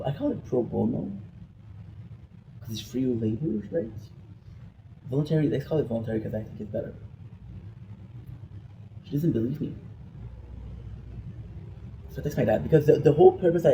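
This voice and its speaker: A man talks straight to his viewers in an emotional, rambling vlog, venting his frustration. His voice is gravelly and very dark, and he keeps stopping and restarting his sentences. A faint hiss sits behind him. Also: medium pitch, poor audio. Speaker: vlogger. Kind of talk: personal vlog rant.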